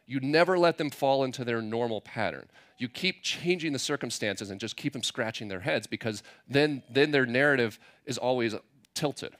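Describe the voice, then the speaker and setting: A man's voice: medium pitch, normal speed, fairly bright tone. Conversational man preaching a sermon. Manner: conversational, mixes scripture reading with playful paraphrase. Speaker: pastor.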